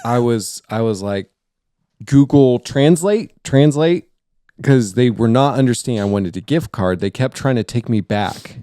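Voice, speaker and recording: A man's voice: on the low side, moderate pace, hardly any pauses, no echo, clean studio sound. A man co-hosting a podcast, telling a story casually and acting out the people in it. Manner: animated, acts out the people in his stories. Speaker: podcast co-host.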